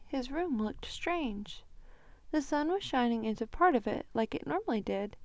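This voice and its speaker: A woman librarian reading a children's storybook aloud, slow and expressive. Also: on the high side, creaky, dry recording.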